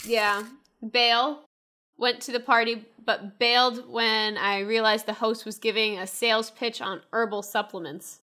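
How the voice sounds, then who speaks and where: A woman's voice: fairly high pitch, flat delivery, measured pace, sharp tone. A woman hosting a casual podcast over a remote call, chatty and self-mocking, laughing often. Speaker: podcast host. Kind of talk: casual chat.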